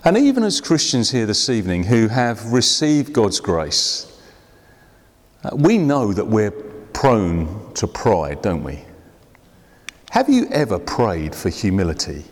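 A man preaching a sermon to his congregation, slowing down to stress key words. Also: on the low side, huge pitch swings. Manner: preaching with sweeping rises and drops, slowing for emphasis. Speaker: pastor. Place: church hall. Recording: long hall reverb.

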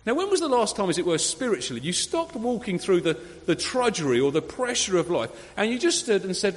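A man preaching a sermon, conversational and lively, full of rhetorical questions. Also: sits high, a little fast. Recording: long hall reverb.

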